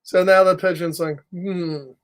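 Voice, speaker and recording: Slow, playful man reading to kids. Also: high voice, fairly bright tone. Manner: playful, chuckling, talks to young listeners. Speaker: children's storyteller. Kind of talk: reading a picture book aloud to children.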